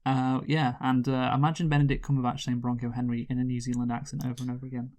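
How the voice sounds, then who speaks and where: A man's voice: medium pitch, little pitch movement, fast, darkish tone. A man hosting a casual movie-review podcast, joking and giggling as he rambles through the credits with frequent restarts. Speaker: podcast host. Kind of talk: casual comedic chat.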